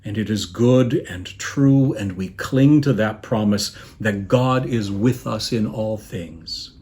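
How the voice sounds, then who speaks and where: Measured, reflective man preaching a sermon. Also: fairly low pitch. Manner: measured, reflective preaching with pauses and softly trailing phrases. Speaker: bishop preaching.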